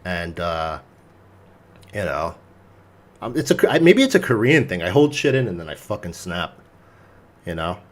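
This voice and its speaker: A young man, a podcast host, telling a story in casual chat, animated and full of swearing. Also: low-pitched, moderate pace, long pauses.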